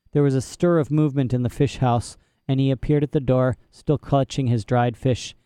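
A man narrating an audiobook chapter in a measured, expressive reading voice. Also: mid-range voice, clean tone, no room sound, studio quality. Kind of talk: scripted narration.

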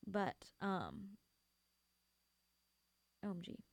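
A woman's voice: mid-range voice, big pitch swings, extremely slow, gravelly, no room sound. A young woman hosting a radio show, chatting casually and rambling between songs while sleepy and yawning, gushing with many fillers. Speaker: radio host.

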